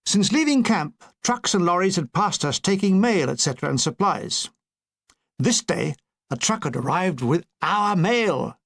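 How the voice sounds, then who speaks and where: A man's voice: sits high, measured pace, vocal fry. Man reading a wry war memoir. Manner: wry, expressive storytelling. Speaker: audiobook reader.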